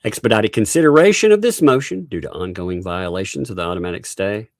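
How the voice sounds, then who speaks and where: A man's voice: lowish voice, lively intonation, a little fast, no room sound, studio quality. Sarcastic man reading court filings. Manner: sarcastic, reads legal text aloud with asides and laughs. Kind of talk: casual livestream commentary.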